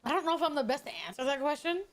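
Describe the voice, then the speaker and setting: A woman's voice: high voice, racing. A woman streamer chatting casually with her viewers, rambling and thinking aloud. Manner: chatty, rambling, talks to chat. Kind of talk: casual livestream chat.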